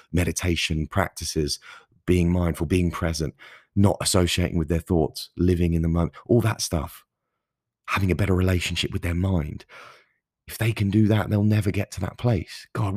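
A man's voice: deep voice, darkish tone, slightly rough, dry recording, clean studio sound. A man hosting his own podcast, talking earnestly and passionately in a solo monologue, with emphatic stresses and frequent restarts. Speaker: podcast host.

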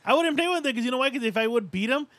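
A man's voice: extremely high pitch, lively intonation, very fast, fairly bright tone. A man co-hosting a podcast who tells a long, profane story about his childhood, rambling and padding every phrase with "like.". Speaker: podcast co-host. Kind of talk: casual storytelling among friends.

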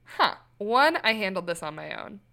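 A young adult woman co-hosting a podcast, telling a personal story in casual chat with candid, animated delivery. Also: medium pitch, normal speed, creaky. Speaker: podcast co-host.

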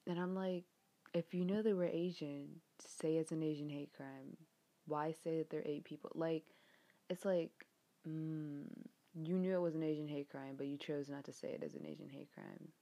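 Young american woman ranting, fed up, cussing, low mellow voice going hoarse. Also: normal speed. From United States. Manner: frustrated, exasperated, swearing. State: voice getting hoarse. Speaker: vlogger. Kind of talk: rant vlog.

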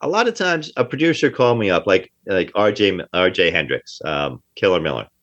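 A man's voice: low-pitched, very animated, fairly quick, a bit bright. A man from New Jersey, an actor being interviewed, talking emphatically and often repeating himself. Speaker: actor guest. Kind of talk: casual interview talk. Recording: dull lo-fi sound.

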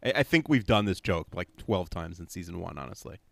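A man co-hosting a podcast in casual chat, quick and dry, with a self-deprecating manner. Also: low-pitched, lively intonation, creaky, fairly bright tone, dry recording. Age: adult, past young-viewer age. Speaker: podcast co-host.

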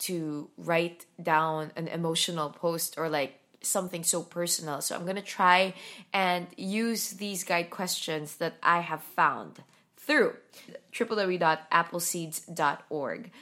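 A woman's voice: lowish voice, a little slow, pushed and bright. A young Filipino woman with a Filipino accent, hosting her own solo podcast at home in a groggy morning voice, talking candidly and rambling with self-deprecating asides. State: groggy morning voice after little sleep. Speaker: podcast host.

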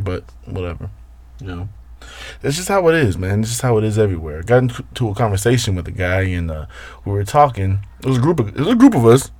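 A man's voice: fairly low pitch, a little fast, a little mellow, dry recording. A man hosting a casual solo podcast, rambling and swearing as he talks straight to his listeners. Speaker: podcast host.

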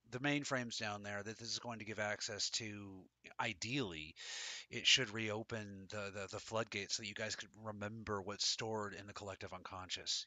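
A man with a slightly low voice and a bright, forward tone talks through metaphysical ideas in a loose, slangy way, with some swearing. His voice sounds dry and close to the mic. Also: no echo. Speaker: host talking metaphysics. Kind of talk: casual chat.

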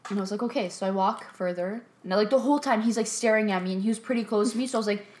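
A woman telling a story in casual chat, relaxed and chatty, often checking in with "right?". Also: mid-range voice, very fast, reverberant, a little hiss or hum.

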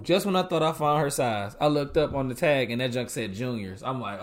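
A man's voice: mid-range voice, a little fast. A young man, co-hosting with his wife, casually tells a story and acts out his own reactions. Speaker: co-host, husband.

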